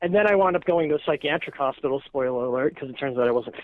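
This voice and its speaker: A stand-up comedian in his thirties spins loose, foul-mouthed stories on a podcast, laughing as he goes. His voice sits a little high for a man. The recording is muffled and lo-fi. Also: rapid-fire, no room sound. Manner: animated, profane, laughs often at his own stories. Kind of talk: casual podcast storytelling.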